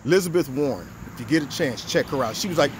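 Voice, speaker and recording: A man hosting his own political commentary show, talking in an animated, mocking way and acting out the people he quotes. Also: on the high side, fast talker, a little hiss or hum. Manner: animated, mocking, acts out quotes in different voices.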